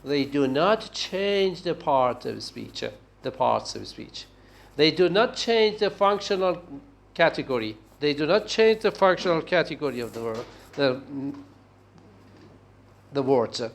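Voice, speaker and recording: A man teaches a university linguistics class. He speaks slowly and haltingly, with a slightly raised and very lively pitch. He keeps pausing to check in with "okay?". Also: vocal fry. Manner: slow, halting delivery with frequent "okay?" checks and restarts. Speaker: linguistics lecturer. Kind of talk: university lecture.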